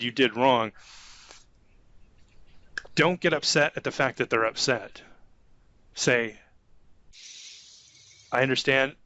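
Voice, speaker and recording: A man who manages an IT staff, talking informally about soft skills and acting out example conversations with a light chuckle. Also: mid-range voice. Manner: conversational, acts out example dialogues, chuckles often. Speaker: IT manager giving career advice.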